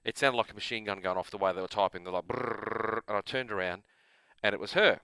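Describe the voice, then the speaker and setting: A man's voice: fairly low pitch, fast, bright, forceful tone, smooth, no room sound. A man with an Australian accent, host of a gaming channel, telling a long rambling story in a casual, self-amused way.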